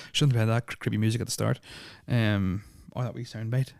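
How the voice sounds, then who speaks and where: A man's voice: lowish voice, fairly even intonation, moderate pace, creaky, a little mellow, no room sound, studio quality. A young man, telling a personal story on a podcast in a rambling, nervous way, full of fillers and swearing. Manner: nervous, uneasy retelling. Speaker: podcast host. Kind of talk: casual storytelling of personal experiences.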